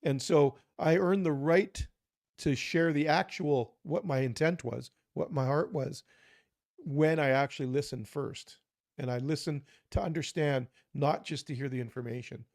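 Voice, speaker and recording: A man's voice: on the high side, a little slow, a little mellow, no room sound, clean studio sound. A man co-hosting a podcast, talking earnestly about communication and acting out short example dialogues. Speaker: podcast co-host. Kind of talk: conversational advice talk.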